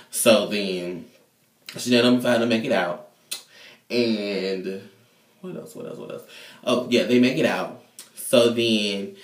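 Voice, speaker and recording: A man casually recapping a TV episode in an animated, slangy, profane way. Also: on the low side. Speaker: TV show reviewer. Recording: echoey room.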